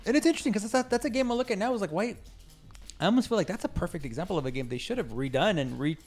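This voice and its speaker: A man's voice: high voice, animated, rapid-fire, faint music behind. A man in casual gaming chat, rambling with many restarts and asking "you know what I mean". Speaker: podcast co-host.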